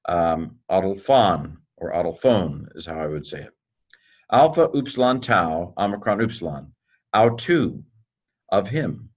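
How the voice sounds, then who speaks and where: Male teacher, lowish voice, folksy and joking, walks through grammar step by step. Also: big pitch swings, measured pace. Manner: folksy, joking, clears throat often. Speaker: Greek teacher. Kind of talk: informal recorded lesson.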